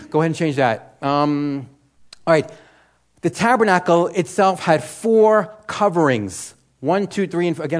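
A Bible teacher with a higher-pitched male voice preaches a sermon in a conversational, teaching style. He raises rhetorical questions and answers them himself, frequently saying "you know" and restarting his sentences.

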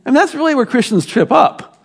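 A man preaching a sermon in a church, emphatic and animated, dropping at times into quiet asides. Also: very high-pitched, a little fast, vocal fry, breathy edge. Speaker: pastor.

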